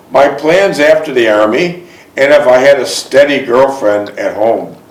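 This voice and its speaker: A man hosting the show, reading a memoir aloud in a steady voice and asking an older guest friendly, prompting questions. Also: medium pitch. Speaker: interviewer and host. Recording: roomy, distant mic.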